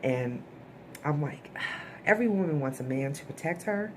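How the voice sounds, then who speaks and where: Woman, low voice, casual blunt TV recap, chatty and opinionated. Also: lively intonation, normal speed, darkish tone, a little hiss or hum. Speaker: TV episode reviewer.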